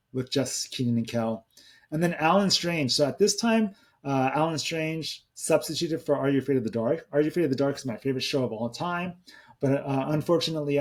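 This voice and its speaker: A man's voice: mid-range voice, darkish tone. Rambling man hosting a podcast. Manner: rambling, conversational, with many restarts. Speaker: podcast host. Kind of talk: casual solo podcast talk.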